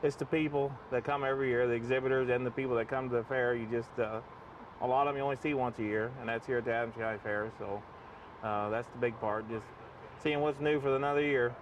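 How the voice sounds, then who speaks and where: Homespun middle-aged farmer, quick and distant. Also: male voice, medium pitch, steady tone, dull audio, noisy background. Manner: rambling, homespun, with many fillers. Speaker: dairy exhibitor. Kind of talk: interview answers. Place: outdoor fair cattle barn.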